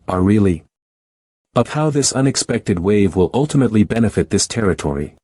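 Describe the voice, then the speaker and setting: A man reading a scripted story recap, voicing every character in the same steady, even narration. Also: fairly low pitch, husky, no echo.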